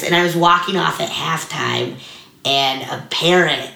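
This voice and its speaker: A young comedian from the US mountain region recalls a memory as a guest on an interview show, chatting casually with plenty of "likes." Her slightly low voice is bright, forward and creaky, and she slips into quick, animated voices for the people she quotes. The room adds a roomy echo.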